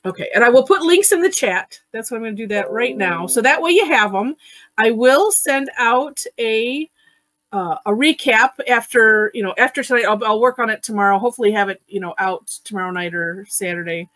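A woman's voice: on the high side, fairly quick, fairly bright tone, no echo. A woman hosting an online drawing class over a video call, chatty and giggly, with lots of fillers and restarts. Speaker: online art class host. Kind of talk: casual live-stream teaching.

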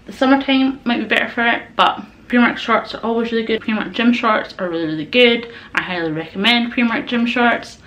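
A woman's voice: a little high, brisk, few pauses, fairly bright tone, lo-fi sound. A young woman chatting casually through a gym wear haul, rambling and enthusiastic, a little out of breath. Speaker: vlogger.

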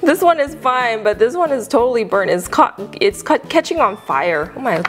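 A woman hosting an unboxing video, gushing excitedly with frequent gasps and exclamations. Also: fairly high pitch, normal speed, few pauses, soft background music. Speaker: unboxing channel host. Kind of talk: casual unboxing review.

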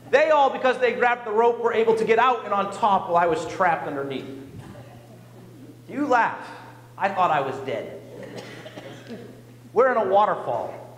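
A male pastor telling a personal story in an animated, self-mocking way during a sermon in a church. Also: sits high. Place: church sanctuary. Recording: echoey church hall.

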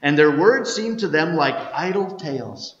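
A man preaching an Easter sermon as pastor, telling the story and reading scripture aloud, swinging from loud to hushed. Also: a little high, animated, moderate pace, roomy sound, in a large hall, highs cut off. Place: church sanctuary.

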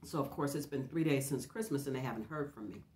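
Lady, low voice, chatty mukbang talk between bites, sniffly, echoey room. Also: fast, darkish tone. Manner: chatty, confiding, talks between bites with hums. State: runny nose. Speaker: mukbang host. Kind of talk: casual storytelling while eating. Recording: roomy echo.

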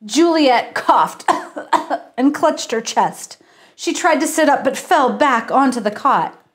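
A woman author reads her own mystery story aloud, then chats with her livestream viewers. She talks at an unhurried pace in a slightly higher register, laughing at herself now and then. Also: expressive. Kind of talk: reading aloud and chatting on a livestream.

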